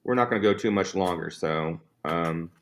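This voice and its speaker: A male host with a fairly low voice chats casually with his guest. He reacts with short, quick interjections and laughs along with the stories.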